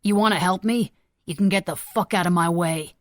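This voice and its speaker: A woman's voice: sits low, moderate pace, dry recording, lightly acted. A jittery young armed villain, voiced by a woman narrator for an audiobook. He snarls crude threats with menace. The sound is dry and close. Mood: menacing.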